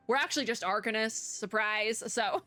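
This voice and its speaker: A young woman at home speaks at normal speed in a slightly high, pushed, bright voice. As a game content creator, she reads the story aloud during a casual playthrough and reflects on it chattily, full of filler words.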